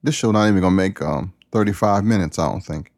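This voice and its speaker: A man with a low, deep voice hosts his own podcast in a casual monologue. He is folksy and preachy, with a plain-spoken way of talking. The sound is dry and close. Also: fast talker, a little mellow, no room sound. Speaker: podcast host.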